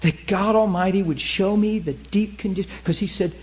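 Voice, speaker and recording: A man preaching a sermon, telling a story with lively acted-out quotes. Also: high voice, brisk. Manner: animated, acts out quoted voices. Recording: muffled lo-fi sermon recording.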